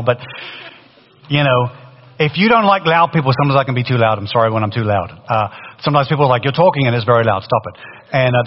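Male pastor with a faded British accent, mid-pitched, conversational and excitable sermon delivery, muffled recording with long room reverb. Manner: animated, conversational preaching with frequent restarts. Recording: dull sound in a long-reverb hall.

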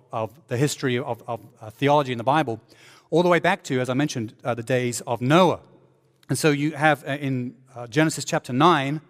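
A man preaching a sermon as pastor, animated, with joking asides and sarcasm. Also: mid-range voice, long reverb tail.

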